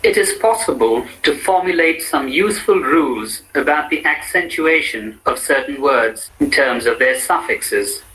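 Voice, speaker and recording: A man reading out the instructions for a pronunciation drill in a measured, explanatory way. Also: medium pitch, animated, bright, forceful tone, poor audio. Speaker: language lab instructor. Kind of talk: scripted pronunciation lesson.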